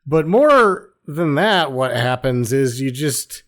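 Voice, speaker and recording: A man's voice: mid-range voice, big pitch swings, slow pace, a bit bright. A man co-hosting a podcast, making dry, wry comments on a movie in casual conversation. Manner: dry, wry asides and short agreements. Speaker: podcast co-host. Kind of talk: casual comedic movie discussion.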